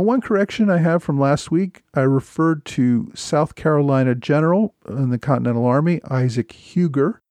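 Mellow-voiced male podcast host, dry sound. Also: mid-range voice, no echo. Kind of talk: scripted podcast narration.

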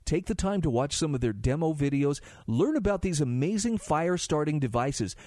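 Mellow-voiced radio talk show host. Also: male voice, on the high side, expressive, normal speed, no echo, studio quality. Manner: conversational, reads articles aloud with asides. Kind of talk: talk radio monologue and ad read.

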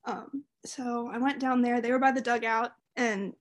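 A woman's voice: fairly high pitch, normal speed. Giggly woman telling a story. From Southern United States. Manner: animated storyteller, laughs often, many fillers. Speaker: podcast co-host. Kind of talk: casual chat.

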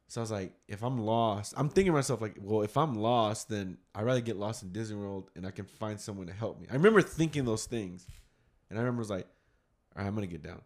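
Speaking quickly in a low, slightly mellow voice, this father co-hosts casually and tells a long, rambling story. He swears occasionally and keeps acting out what he thought back then, saying "I was like" again and again.

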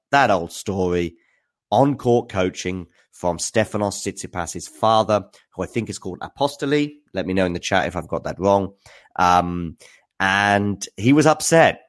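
Male tennis news host, lowish voice, chatty and hesitant on a live stream. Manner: chatty, hesitant, full of fillers. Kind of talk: live-stream commentary recap.

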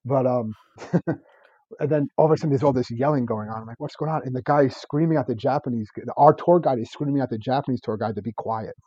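A man chatting on a podcast, rattling through stories at a quick clip. His voice is dark and husky, full of restarts. The sound is dull and dry, close and lo-fi. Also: mid-range voice, no echo. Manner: rambling storyteller with many restarts and laughs. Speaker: podcast co-host. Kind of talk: casual chat.

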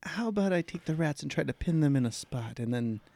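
Brief: eager player, gravelly voice, swoops a lot. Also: male voice, fairly high pitch, lively intonation, brisk, dark tone. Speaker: player voicing vampire character. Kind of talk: tabletop role-play.

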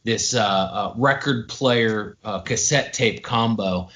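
A man in casual podcast chat, telling a story in a halting way that repeats words. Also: lowish voice, a bit bright.

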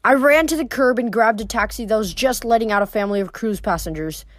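A woman reading a novel aloud in steady narration, with occasional small slips. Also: on the high side, fast talker, no room sound. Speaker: reader.

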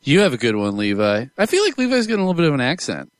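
A young adult man hosting a casual podcast, excitable and quick to laugh. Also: medium pitch, clean tone, no room sound, studio quality. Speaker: podcast host.

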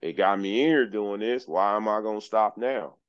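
A man's voice: fairly low pitch, moderate pace, clean tone, dry recording, lo-fi sound. A man, a podcast guest, telling his life story in a laid-back, frank way and often saying "man". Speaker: podcast guest, journeyman lineman. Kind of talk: casual storytelling interview.

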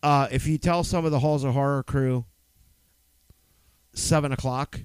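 A man's voice: medium pitch, fairly even intonation, a little slow, clear, resonant tone, no room sound. A man co-hosting a podcast in loose, profane, rambling casual chat. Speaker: podcast co-host.

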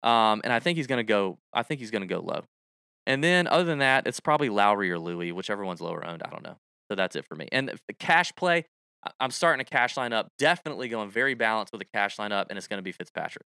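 A man co-hosting a casual podcast, animated, with goofy sound effects and exasperated rants. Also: on the low side, fast talker, creaky, smooth, no room sound, studio quality. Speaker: podcast co-host. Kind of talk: casual chat about golf picks.

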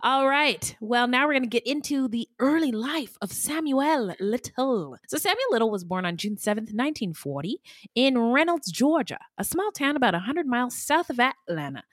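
Podcast co-host: woman, bouncy expressive pitch, chatty with asides, dead-dry booth. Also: moderate pace, no echo. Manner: animated, chatty, quips and asides. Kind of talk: casual true-crime podcast chat.

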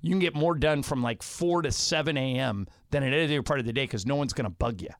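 A man's voice: medium pitch, fast talker, no room sound, clean studio sound. Chatty sports radio co-host man. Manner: storytelling, chatty. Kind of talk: casual sports radio banter. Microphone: studio mic.

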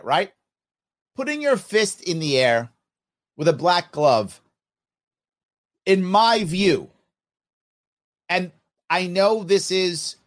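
A middle-aged man hosting a podcast and giving opinionated commentary, talking straight to listeners with rhetorical questions. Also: a little high. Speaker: podcast host.

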